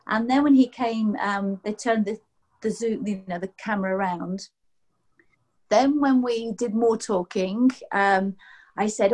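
A massage therapist in her sixties tells a rambling story on a video call in a casual chat, lively and acting out people's quotes in different voices. Her voice is mid-range and a little slow.

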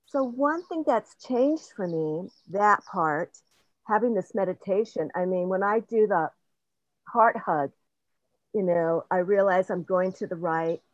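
A woman's voice: mid-range voice, measured pace. An older woman talks through her personal experiences in a rambling, earnest way and often laughs at herself. The audio is muffled and lo-fi, with a dry, close sound and no room echo. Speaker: participant sharing in a group session. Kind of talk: personal sharing, casual talk.

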